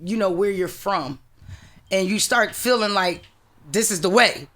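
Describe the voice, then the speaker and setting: A middle-aged woman in casual podcast chat, telling stories loudly with lots of swearing. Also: mid-range voice, measured pace. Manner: loud, animated, profane storyteller. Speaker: podcast co-host.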